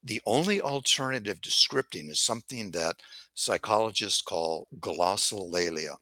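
An older man with a low, bright and forceful voice teaches listeners on a podcast, leaning hard on key phrases. He speaks into a headset, and the sound is dry and close. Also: animated, normal speed, no room sound. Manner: emphatic, repeats key phrases, tells listeners to write things down. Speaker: co-host, sales persuasion expert.

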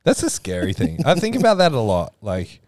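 A man hosting a podcast, chiming in with short comments and quick questions in a casual chat. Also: fairly low pitch, huge pitch swings, darkish tone, no room sound.

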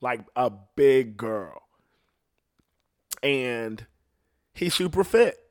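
A middle-aged man holds forth in a loose, profane rant, rambling from one story to the next. His voice sits at an ordinary middle pitch, and he drops into quick quoted voices as he tells it. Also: expressive. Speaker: podcast host.

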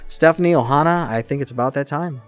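A man's voice: on the high side, quick pace, loud music behind the voice. A middle-aged man co-hosting a podcast, chatting casually and acting out the lines of the people in his stories. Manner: animated storyteller who acts out quotes. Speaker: podcast co-host. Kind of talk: casual chat.

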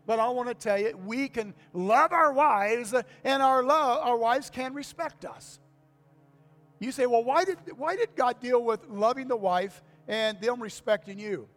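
Older man, pastor, very high voice, folksy sermon, repeats lines, long church-hall reverb, faint music behind. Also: unhurried, fairly bright tone. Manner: folksy, repeats key phrases, asks the congregation for amens.

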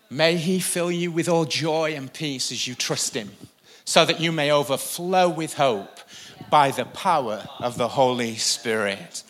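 A pastor delivering a sermon from a church stage, preaching with animated emphasis and occasional jokes. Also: male voice, on the high side, measured pace.

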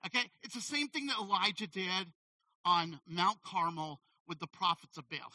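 Bright-voiced preaching man, distant mic. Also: sits high, normal speed, no echo. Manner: animated, conversational preaching with frequent "okay?" asides. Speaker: pastor. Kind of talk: sermon.

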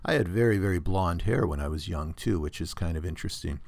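A man's voice: deep voice, fast talker, creaky, a little mellow, no echo. A Canadian man hosting a solo podcast, rambling and opinionated, with many restarts, recorded on a computer at home. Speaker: podcast host. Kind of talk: casual solo podcast monologue. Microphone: computer recording setup.

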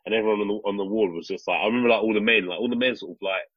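A man, a father and podcast co-host, telling a story in a casual, animated and rambling way with many restarts. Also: fairly low pitch, very fast, no room sound. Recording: slightly dull lo-fi recording.

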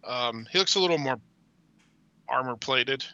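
A man's voice: medium pitch, unhurried, pushed and bright, no room sound, muffled recording. A man co-hosting a podcast, giving short blunt opinions in casual chat. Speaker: podcast co-host.

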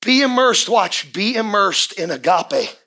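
A man preaching a fiery sermon as pastor at a church service, often shouting and repeating key words. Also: high-pitched, very animated, measured pace.

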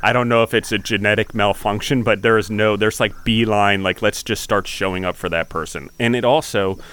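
A man's voice: on the low side, steady tone, brisk, a bit bright, clear, resonant tone, low-quality recording. A man hosting a podcast interview, asking questions and reflecting earnestly. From United States. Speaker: podcast host.

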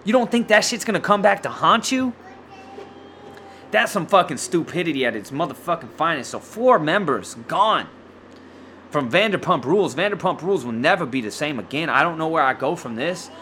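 Loud, swearing man ranting on a podcast. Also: on the high side, expressive, normal speed, slight background noise. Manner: loud, swearing, slangy, stammering restarts. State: out of breath, sore throat. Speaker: podcast host. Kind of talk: profane solo podcast rant.

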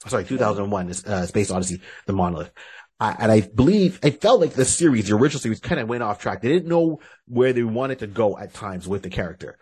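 Animated, husky male podcast host. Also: fairly low pitch, fast. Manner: animated, joking storyteller with frequent restarts. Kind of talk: casual podcast chat.

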